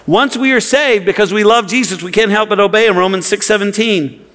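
High-voiced guy preaching hard, stumbles over repeated words, big hall echo. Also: fairly quick, fairly bright tone. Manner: impassioned, repeats words when pressing a point. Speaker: pastor. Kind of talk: sermon. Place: church sanctuary. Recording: long reverb of a large hall.

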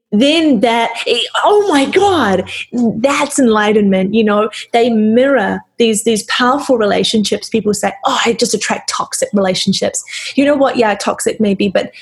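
A woman with a husky, breathy voice speaks reflectively about relationships and emotions. She laughs easily and keeps the tone casual. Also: a little high, expressive, normal speed. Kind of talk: casual spiritual conversation.

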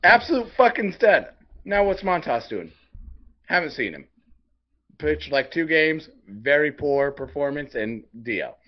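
A man's voice: a little high, very animated, unhurried. A man co-hosting a sports podcast, delivering a heated, profane rant. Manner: profane, fired-up ranting. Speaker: podcast co-host. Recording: dull lo-fi podcast audio.

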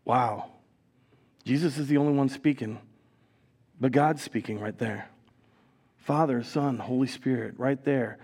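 A man preaching a sermon in a church as pastor, telling stories with animated delivery and acted-out voices. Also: medium pitch, measured pace, creaky, pauses often, slightly rough. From Minnesota. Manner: animated storytelling, acting out voices, laughs.

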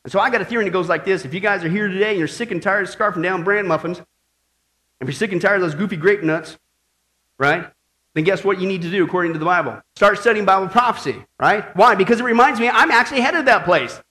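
A male pastor giving a lively, joking sermon with emphatic delivery. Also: high-pitched, quick pace.

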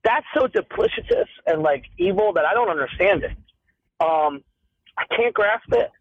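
A man in his late thirties with a fairly high voice talks candidly. He is rambling and emphatic, restarting his sentences and swearing now and then. The sound is thin and phone-like, with no room at all. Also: expressive, moderate pace, breathy edge, no room sound. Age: 30s. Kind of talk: candid conversational talk. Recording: tinny phone-like sound, dry.

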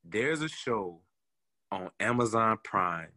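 A man's voice: fairly low pitch, slow pace. A man in casual chat, telling stories with lots of energy and plenty of swearing. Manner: animated storyteller, swears freely.

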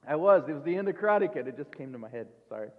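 A man preaching a sermon in a conversational way, with rhetorical questions and quick asides to the congregation. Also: a little high, lively intonation. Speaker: pastor. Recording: tinny phone-like sound in a reverberant hall.

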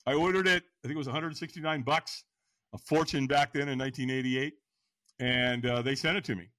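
A man in his sixties, a firewalk instructor appearing as a podcast guest, energetically tells his life story in a mid-range, fairly quick voice. He laughs and acts out quotes in different voices. There's no room sound on the recording.

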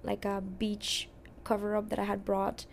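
A young adult woman hosting a podcast, candidly telling a personal story in a casual, expressive way and cursing now and then. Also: mid-range voice, a little slow, gravelly, a little hiss or hum. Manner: candid and expressive, swears and laughs at herself. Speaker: podcast host.

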